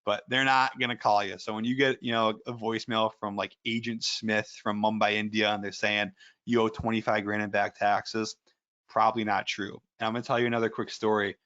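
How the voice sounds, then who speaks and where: A man's voice: lowish voice, flat delivery, fairly quick, sharp tone, muffled recording. A man giving a casual webinar presentation as an ethical hacker, rambling through anecdotes with lots of fillers.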